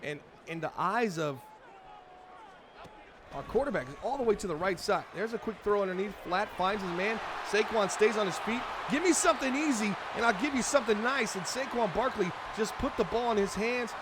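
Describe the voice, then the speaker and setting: This man, playing a football franchise mode live, chats through every play as a fan would in a high-pitched voice at a moderate pace. Crowd noise, a noisy background, and the game's music and sounds accompany him.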